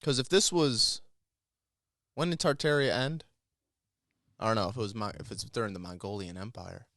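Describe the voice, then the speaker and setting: A young man co-hosting a podcast, talking in a rambling, excitable way and swearing often. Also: lowish voice, normal speed, no echo, clean studio sound. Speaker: podcast co-host. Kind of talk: casual chat.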